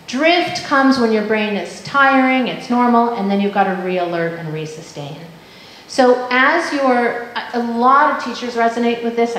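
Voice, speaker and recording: Woman speaker in a very echoey room. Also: on the high side. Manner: lively, asks many questions, acts out quoted voices. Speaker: parent education speaker. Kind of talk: workshop talk to parents. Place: school room. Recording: very echoey room with faint noise.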